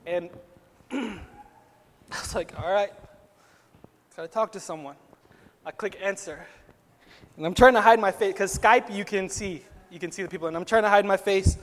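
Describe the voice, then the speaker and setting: A young man speaking at a Christian gathering shares his testimony as a sermon, earnest and conversational with plenty of casual fillers. He has a high, slightly bright voice at a moderate pace, pausing often, captured with long hall reverb.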